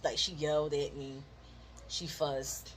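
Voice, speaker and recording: A woman, telling a childhood story in casual chat with her husband, animated and laughing often. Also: low voice, a little slow, slight background noise. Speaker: co-host of a couples channel.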